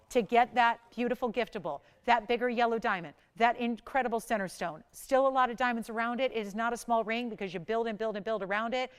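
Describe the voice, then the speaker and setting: A woman's voice: fairly high pitch, a bit bright, clear, resonant tone. A middle-aged woman hosting live jewelry sales on a shopping channel, pushing urgent countdown price reveals.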